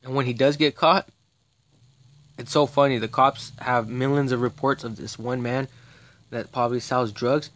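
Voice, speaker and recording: A man's voice: mid-range voice, steady tone, moderate pace, fairly bright tone. Man ranting, profane and rambling. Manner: profane, agitated, rambling with frequent restarts. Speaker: vlogger. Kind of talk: rambling monologue rant.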